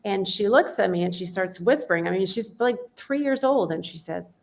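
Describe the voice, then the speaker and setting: A woman hosts a conversational interview and speaks in an earnest, open way. She tells her stories with rising animation, and her voice sits at a middle pitch. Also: lively intonation, normal speed, gravelly. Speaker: podcast host. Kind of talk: conversational interview, personal storytelling.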